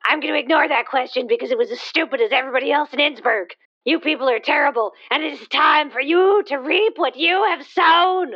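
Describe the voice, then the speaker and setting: A woman putting on a gravelly vigilante villain voice. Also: high-pitched, brisk, hardly any pauses, lo-fi sound. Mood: menacing. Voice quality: gravelly, strained throat voice. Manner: grandiose, scolding. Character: gravelly menacing female vigilante, the Masked Raccoon. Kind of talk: comedic radio play acting.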